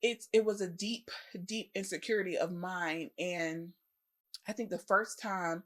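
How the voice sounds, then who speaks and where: A young adult woman, co-hosting a podcast in casual chat and acting out stories with lively quoted voices and laughter. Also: fairly low pitch, a little slow. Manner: animated storyteller, acts out quoted voices with laughter. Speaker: podcast co-host.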